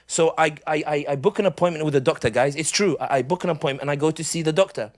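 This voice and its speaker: Man, middle-aged, public speaker, live speech, animated, comic asides, fairly high voice. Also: fast talker, hardly any pauses. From United Kingdom.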